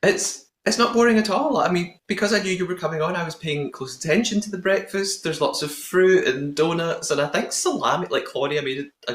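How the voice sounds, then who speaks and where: A man hosting a podcast, recapping an episode in a playful, chatty way with lots of puns. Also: mid-range voice. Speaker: podcast host. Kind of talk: casual podcast recap chat. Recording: roomy echoing room sound.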